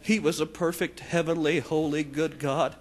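Male preacher, slightly high voice, fervent sermon delivery, loud peaks and soft lows. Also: steady tone, moderate pace. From Texas. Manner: impassioned, swinging from shouting to hushed tones.

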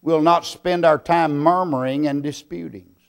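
Male preacher, slightly raised pitch, unhurried delivery that rises to forceful emphasis. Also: fairly even intonation, vocal fry. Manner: slow deliberate preaching with sudden loud emphatic swells. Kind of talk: sermon.

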